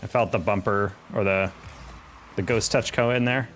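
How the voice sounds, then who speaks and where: Low-voiced young man streaming a game. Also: fairly even intonation, moderate pace, a bit bright, slight background noise. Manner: rambling, chatty, reacting to chat mid-game. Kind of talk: casual live-stream chat while playing.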